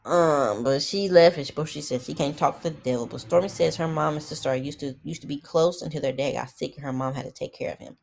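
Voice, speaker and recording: A woman's voice: low voice, fast, vocal fry, few pauses, a little mellow. A young woman recapping a reality show in blunt, profane, opinionated casual commentary.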